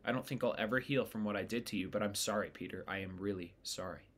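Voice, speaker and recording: A man's voice: fairly low pitch, fast, fairly bright tone, slight background noise, natural voice. A man voicing an earnest, remorseful teenage boy.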